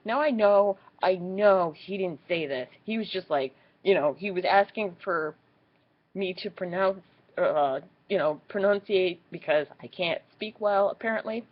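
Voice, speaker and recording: A young woman telling a story in a casual vlog, swearing freely and acting out what people said in squeaky high voices. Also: muffled recording. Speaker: vlogger.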